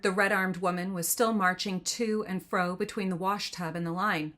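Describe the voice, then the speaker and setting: A woman's voice: on the low side, fairly even intonation, moderate pace, a bit bright. A woman podcast host reading passages from a novel aloud and commenting on them in a thoughtful, conversational way.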